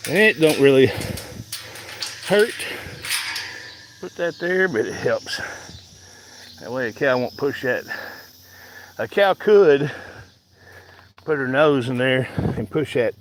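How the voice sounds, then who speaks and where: Man, slow drawl, a bit winded, outdoor pasture, phone recording, faint insect noise. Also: medium pitch, animated, poor audio. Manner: slow rural drawl, chatty asides to viewers. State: out of breath from hauling. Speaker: farmer filming his chores. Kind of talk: casual vlog while working.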